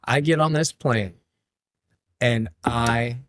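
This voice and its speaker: A man, a podcast guest, tells a rowdy story with a laugh never far off. His voice sits at an ordinary middle pitch, recorded close with a dry, dead sound. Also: slow, dry recording. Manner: animated, laughing, acts out quotes. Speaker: podcast guest, brewery owner. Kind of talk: casual storytelling chat.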